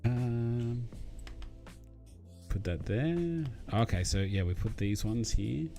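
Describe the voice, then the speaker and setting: A man's voice: medium pitch, animated, slow, creaky, mellow, faint music behind. A young Australian man chatting casually to viewers during a live build, rambling with lots of fillers. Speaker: streamer. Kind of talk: casual live-stream chat while building.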